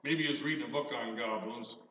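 An older man preaching a sermon, reading scripture and telling stories in an animated, emphatic way. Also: medium pitch, a little fast, highs cut off. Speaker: pastor. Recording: echoey hall from far off, faint noise.

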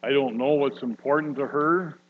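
A man preaching a sermon, slow and earnest, building to loud emphatic peaks. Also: medium pitch. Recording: dull lo-fi recording with mains hum.

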